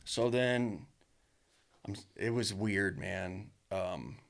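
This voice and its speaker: Podcast guest, male, lower-pitched; blunt, profane, rambling storyteller. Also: very slow, creaky. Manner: blunt and profane, peppered with "dude". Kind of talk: casual storytelling.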